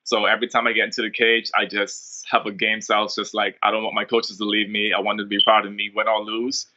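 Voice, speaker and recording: Young fighter from the Bahamas, rambling interview guest, low-ish voice, muffled lo-fi sound. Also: male voice, quick pace. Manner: relaxed, rambling, many ums and likes. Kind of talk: casual interview storytelling.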